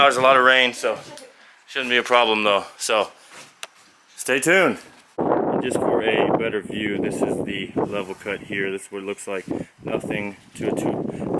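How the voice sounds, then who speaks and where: A man walking through his building work outdoors, explaining each step in a loose, folksy way, recorded on a camera's own mic. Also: on the low side. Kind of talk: casual job-site walkthrough. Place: outdoor construction site, windy. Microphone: camera's built-in mic. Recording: windy outdoor camera audio. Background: wind noise.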